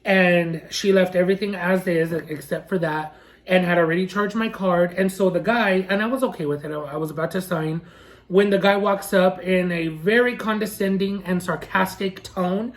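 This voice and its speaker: Animated man telling a story. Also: high-pitched, moderate pace. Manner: animated, indignant storytelling with lots of fillers; re-enacts dialogue in shifting voices. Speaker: food vlogger. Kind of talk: story time.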